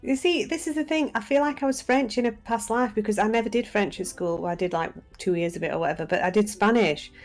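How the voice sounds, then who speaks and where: A woman's voice: medium pitch, fast talker, few pauses, darkish tone. Teasing woman co-streaming a game. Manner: teasing, exasperated banter. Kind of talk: casual stream chat. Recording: game music behind.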